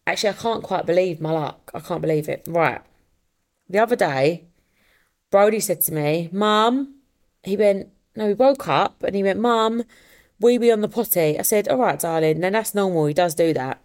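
A woman's voice: fairly low pitch, moderate pace, a little mellow. A woman hosting a casual solo podcast, telling a story in a chatty way and acting out the voices she quotes. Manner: swears casually. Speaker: podcast host.

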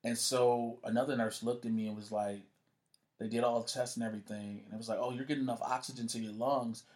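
Quick-paced and mid-range in pitch, a man recounts a story while guesting on an informal talk. He's foul-mouthed and animated, doing voices for the people he quotes.

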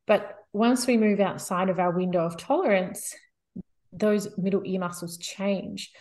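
Woman guest, mid-pitched, calm and steady, explains at length. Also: a little slow. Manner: calm, explains steadily with frequent "you know". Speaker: guest expert. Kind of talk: explanatory interview talk.

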